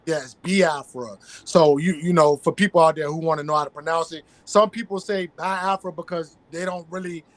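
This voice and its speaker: A man's voice: on the high side, steady tone, fairly quick, few pauses, no echo. A man with a Southern US accent, a guest activist in an interview, talking emphatically and repeating his key phrases. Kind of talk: interview conversation.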